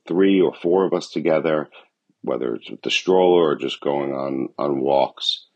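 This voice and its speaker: A man recording a casual, encouraging message of family advice for a new father. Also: rumbling low. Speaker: family member giving advice.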